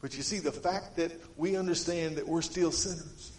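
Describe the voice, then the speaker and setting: A male preacher, giving a sermon in a folksy storytelling way, swinging between emphatic stretches and quiet ones. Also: a little high, fairly even intonation, normal speed, hardly any pauses, roomy sound, poor audio.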